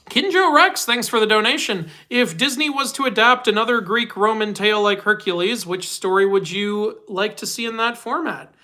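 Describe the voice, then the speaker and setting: A man chats his way through a casual live-stream Q&A. His voice is bright and forward. He rambles through his answers and laughs often. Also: sits high, lively intonation, normal speed. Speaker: host.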